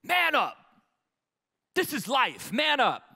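A man voicing angry gang-member brothers who shout at a crying boy, his voice pushed high and loud. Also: huge pitch swings, slow pace, vocal fry, full character voice. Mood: shouting harshly.

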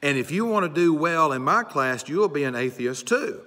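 A man's voice: fairly high pitch, animated, normal speed, bright, forceful tone, pitched above the performer's own voice. A man voicing a condescending male atheist college professor who mocks and lectures his students. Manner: mocking, lecturing. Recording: long church hall reverb.

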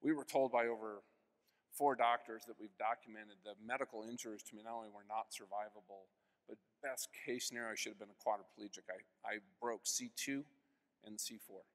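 A man in his fifties giving an earnest personal faith testimony as keynote speaker, telling his story with sudden swings between hushed and loud. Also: lowish voice, fairly even intonation, brisk. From United States. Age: 50s. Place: large convention hall. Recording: long hall reverb.

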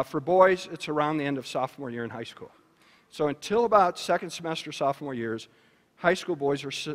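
A man speaking at a luncheon, giving an educational talk to parents in an animated, storytelling manner. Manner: animated storytelling with shifts in pitch and loudness. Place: banquet hall. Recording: reverberant hall.

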